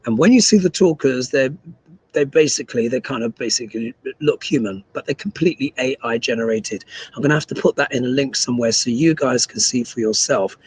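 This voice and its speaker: Husky-voiced man hosting a casual livestream. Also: medium pitch, a little fast, a little mellow, rough recording. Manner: chatty, reads viewer comments aloud. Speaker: astrology and tarot livestream host. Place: small desk in a humid room abroad.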